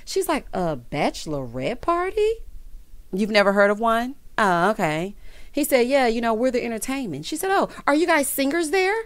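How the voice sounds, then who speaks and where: A TV recap host with a fairly high, lively voice talks a little fast, her tone clean and free of echo. She sassily recaps an episode, calling the listener "child" and "honey" and mimicking characters' lines in quoted asides.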